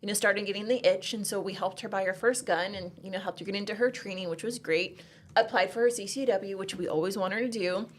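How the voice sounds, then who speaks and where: A woman's voice: medium pitch, quick pace. A woman who leads a women's shooting program, telling stories in a chatty, upbeat podcast conversation full of "like".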